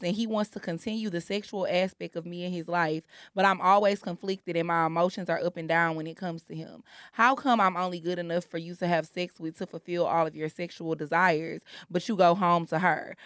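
A woman co-hosting a casual chat podcast, reading a listener's email aloud in a blunt, animated way. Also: lowish voice, moderate pace, hardly any pauses, dry recording, studio quality. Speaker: podcast co-host.

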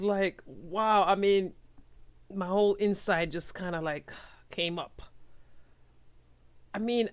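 A woman hosting a casual reaction video, gushing and emotional, with sighs and breathy asides. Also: medium pitch.

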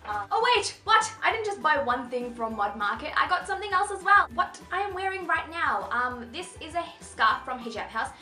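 A high, bright young woman gushes through a casual fashion haul in a bubbly, chatty way. Her voice rings in an echoey room, with faint music playing underneath. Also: big pitch swings, moderate pace, few pauses. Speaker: fashion vlogger.

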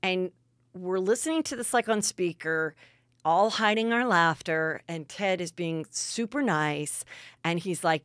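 A woman's voice: lowish voice, unhurried, fairly bright tone, no room sound. Chatty woman podcast host, dry sound. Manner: chatty storyteller, acting out quotes. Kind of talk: casual gossip commentary.

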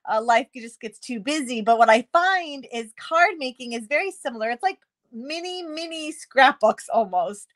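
Bubbly high-voiced woman live-streaming. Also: expressive, moderate pace. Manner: chatty, bubbly, greets viewers by name, laughs often. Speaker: paper craft demonstrator hosting a live stream. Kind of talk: casual live-stream chat.

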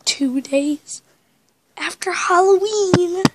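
A woman's voice: very high voice, drawn-out words, noisy background. A woman chatting casually in a vlog, rambling and talking with a stuffy, congested nose from a cold. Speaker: vlogger.

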